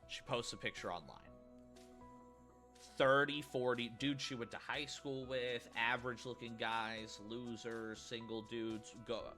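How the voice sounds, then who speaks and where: A man's voice: medium pitch, steady tone, a little slow, pushed and bright, faint music behind. A man ranting in a reaction commentary, stumbling and repeating words as he goes. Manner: stammering, repeats words, rants.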